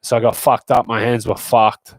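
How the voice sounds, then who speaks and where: A man's voice: mid-range voice, flat delivery, normal speed. A young adult man with an Australian accent, a fighter guest chatting casually on a podcast, swearing a lot and bragging in jest. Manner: crude, swearing, boastful joking.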